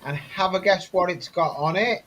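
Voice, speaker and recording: A high-voiced man in his forties tells rambling stories in casual chat. A faint hiss of noise sits behind his voice. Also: normal speed, fairly bright tone. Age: 40s. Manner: rambling storyteller. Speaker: live streamer.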